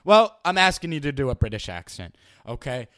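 A man's voice: medium pitch, very animated, brisk, fairly bright tone. A young man hosting a casual sports podcast, chatty and self-deprecating, often stumbling and repeating words. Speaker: podcast host.

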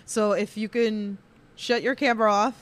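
This is a live-stream interview host with a mid-pitched voice who stays upbeat and keeps apologizing while sorting out a connection problem. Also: fairly even intonation, moderate pace, a bit bright, smooth.

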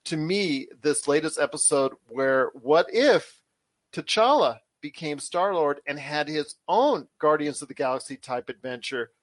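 A man's voice: a little high, lively intonation, measured pace, dry recording. A man hosting a casual podcast chat, talking in an enthusiastic, rambling way with frequent restarts. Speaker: show host.

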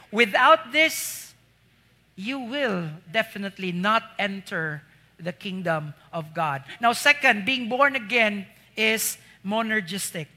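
A Filipino man preaching, with a strikingly high voice and a very bright, forceful edge. He explains terms step by step, keeps checking in with questions, and pushes up hard when he stresses a point. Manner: teaching, asks the congregation questions and repeats key words; rises sharply in pitch and loudness on emphatic points. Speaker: pastor. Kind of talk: sermon.

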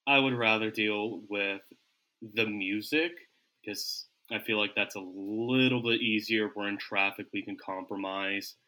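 A man with a very bright, forceful voice plays his turns in a comedic tabletop game. He talks very slowly and deliberately, with a low pitch and a joking tone. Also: fairly even intonation. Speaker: player.

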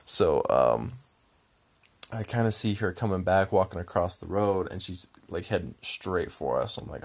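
A young man with a very low, gravelly voice tells a story in a loose, rambling way. His voice sounds husky and rough, and his talk is packed with filler words and casual swearing. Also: expressive, moderate pace.

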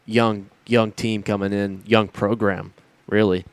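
Young male co-host, low voice, laid-back rambling sports chat. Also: flat delivery, unhurried, smooth. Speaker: podcast co-host.

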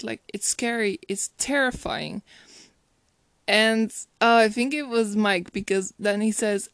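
A woman's voice: medium pitch, no room sound. A woman talking casually about a romantic film, chatty and reflective, often laughing and restarting her sentences. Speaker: film reviewer. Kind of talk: casual spoken movie commentary.

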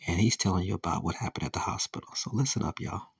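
Man, podcast host, deep voice, husky rasp, laid-back slangy talk, dry distant mic. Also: fast talker, no room sound. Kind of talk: casual chat.

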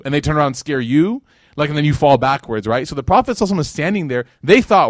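A man's voice: a little high, expressive, very fast, no echo, studio quality. A man giving a casual religious lecture, telling stories in a conversational way and acting out the quoted lines. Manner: conversational, acts out quotes, many "like" and "right?".

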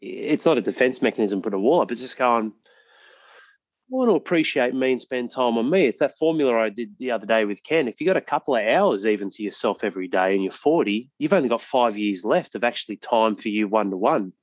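A man's voice: lowish voice, lively intonation, quick pace, few pauses, no echo, highs cut off. A man hosting a podcast, talking earnestly and motivationally and swearing freely. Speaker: podcast host. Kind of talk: casual podcast chat.

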